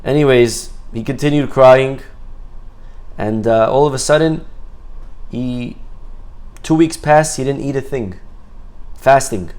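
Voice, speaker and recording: A man's voice: medium pitch, takes it slowly, pauses often. A man teaching a Torah class, telling a story with Hebrew phrases mixed in and acting out the characters' voices. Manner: lively storyteller, acts out quoted voices.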